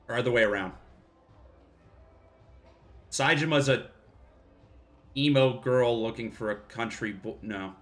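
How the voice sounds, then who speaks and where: A man's voice: mid-range voice, slow, pauses often, fairly bright tone, soft background music. A man casually commenting while playing a video game on a live stream, joking, laughing often and swearing freely.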